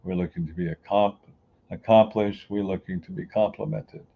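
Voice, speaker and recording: A man's voice: lowish voice, fairly even intonation, normal speed, vocal fry, highs cut off, slight background noise. A man giving a folksy, emphatic motivational talk who grew up on the US East Coast. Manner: folksy, emphatic, acts out everyday people. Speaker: inspirational speaker.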